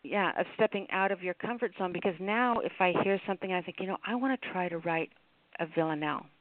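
A man with a notably high voice hosts a call-in radio show, drifting through his thoughts in a loose, chatty ramble. His voice comes through thin and tinny, like a phone line. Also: fast. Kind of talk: casual on-air chat.

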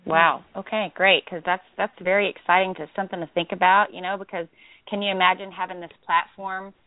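An effusive, giggly woman co-host speaks in a relaxed podcast chat. Her voice comes through a narrow, phone-like line. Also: on the low side, a little fast, dry recording.

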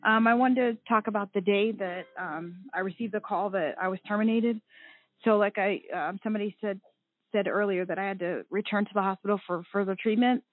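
A woman's voice: medium pitch, steady tone, fairly quick, no room sound, soft background music. A woman in her forties, a guest on a talk show, recounting a personal ordeal with strong emotion. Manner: emotional, tearful at times. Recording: tinny phone line.

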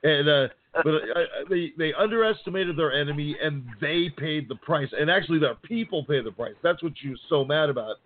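A man co-hosting a podcast in casual chat, animated and profane, often acting out quotes. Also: on the high side, brisk, few pauses. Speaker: podcast co-host. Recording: tinny phone-like sound.

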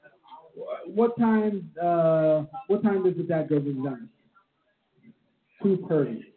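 A man's voice: fairly high pitch, moderate pace. A man co-hosting a casual live show, joking around and telling dad jokes. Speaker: podcast co-host. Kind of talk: casual chat. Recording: tinny lo-fi line with crowd behind. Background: crowd chatter.

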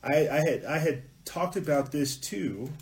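A man hosting a political podcast, ranting heatedly, muttering asides then hitting words loudly, with some swearing. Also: on the high side, unhurried, low-quality recording. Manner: heated, ranting, swings between muttering and loud emphasis; profane at peaks. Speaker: podcast host.

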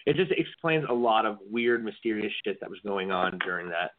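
Over tinny, phone-like lo-fi audio, a man co-hosts a casual political podcast, his voice on the low side, lively in intonation and a little fast. He rambles, often repeating words as he starts a sentence.

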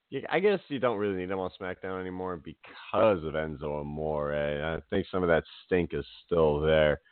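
A man co-hosting a casual wrestling chat, talking in an animated, rambling way and laughing often. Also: deep voice, no room sound. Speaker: podcast co-host. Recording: dry, phone-like audio.

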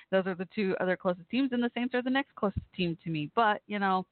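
A woman's voice: mid-range voice, brisk, no room sound. A woman hosting a casual call-in talk show, chatty and giggly, with frequent laughs and fillers. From Texas. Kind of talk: casual call-in radio chat. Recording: tinny phone-like line.

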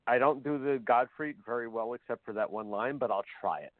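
A man, a comedian, chatting in a blunt, excitable way. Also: mid-range voice, brisk, no echo. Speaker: comedian co-host. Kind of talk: casual chat. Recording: dry phone line.

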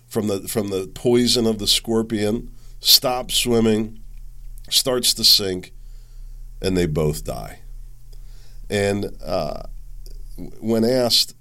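A podcast host with a head cold delivers a rambling, folksy solo monologue full of fillers. His voice is lowish, bright, and forceful.

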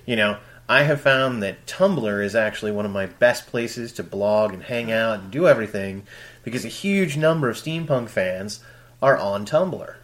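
A man co-hosting a casual panel chat about book promotion, animated, acting out examples in a mocking voice. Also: lowish voice, normal speed. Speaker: podcast co-host.

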